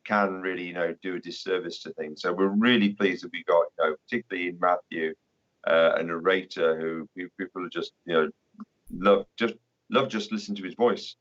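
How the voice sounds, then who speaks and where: A man chatting as a guest author on a podcast, measured and appreciative, often saying "you know". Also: low voice, fairly even intonation, fairly bright tone, dull audio. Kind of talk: casual podcast chat.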